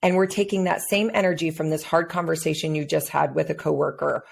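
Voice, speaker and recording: A podcast host, a woman and a mother, telling her own stories earnestly and at length. Her voice is somewhat low for a woman and her tone stays conversational and open. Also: steady tone, fairly quick, vocal fry. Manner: earnest, personal storytelling. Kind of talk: casual interview talk.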